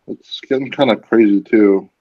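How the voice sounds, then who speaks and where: A man with a lowish voice talks loosely in a casual group hangout. He rambles and restarts his sentences as he goes. The recording sounds dull and lo-fi. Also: normal speed, slight background noise. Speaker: host.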